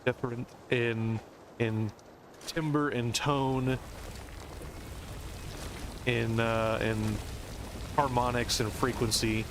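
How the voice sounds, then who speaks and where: A man's voice: medium pitch, steady tone, drawn-out words, long pauses, noisy background. An American man streaming a game, rambling and musing as he explains things at length. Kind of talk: casual rambling commentary.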